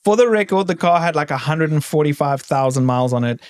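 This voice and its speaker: A man's voice: on the high side, animated, fast, darkish tone, smooth. A man co-hosting a podcast, chatting casually and telling playful, rambling stories. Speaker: podcast co-host. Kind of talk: casual chat.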